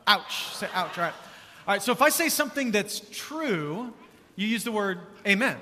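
A man preaching a sermon as pastor, casual and energetic, drawing responses from the congregation. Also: sits high, normal speed, slight background noise. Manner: energetic, conversational, calls for crowd response. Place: large church auditorium. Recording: long church hall reverb.

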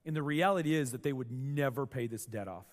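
Animated male pastor in an echoey hall. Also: medium pitch, brisk. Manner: animated storytelling, acts out quotes. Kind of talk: sermon.

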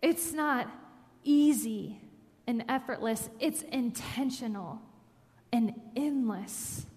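A woman's voice: a little high, slow pace, darkish tone. A woman preaching a sermon, telling a personal story in an earnest way that builds to emphatic scripture reading. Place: church sanctuary. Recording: long hall reverb.

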